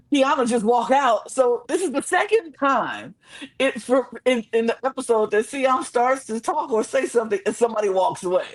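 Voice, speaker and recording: A woman co-hosting a podcast, telling the story in a lively way and acting out what people said. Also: fairly high pitch. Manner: animated storytelling, acts out quotes. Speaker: podcast co-host. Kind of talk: casual recap chat.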